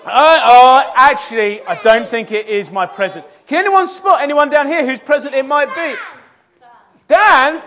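High, playful children's church leader. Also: a little slow. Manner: animated, coaxing, playful with children.

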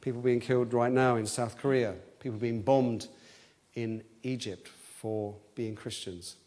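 A man with a steady, darkish voice delivers an earnest expository sermon without hurrying. He frequently repeats words as he thinks aloud, and when quoting cries he lifts his voice, growing higher and more forceful.

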